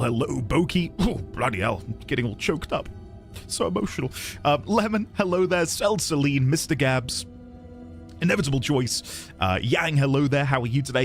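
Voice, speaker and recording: Chatty man greeting his stream. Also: medium pitch. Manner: chatty, reads chat aloud, playful mock outrage. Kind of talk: casual live-stream chat greeting viewers. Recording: faint music underneath.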